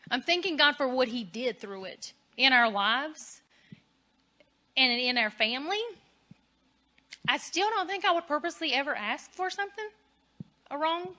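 A woman's voice: sits high, lively intonation, moderate pace, long pauses, pushed and bright. A woman giving a casual, candid faith talk on marriage, chatty and laughing at herself. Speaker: Christian speaker on marriage.

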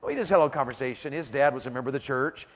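A middle-aged man preaching a lively sermon, telling a story, acting out voices and asking the congregation questions. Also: mid-range voice, very fast, in a large hall. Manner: animated storytelling, acts out voices, rhetorical questions. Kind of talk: lively sermon with audience call-outs.

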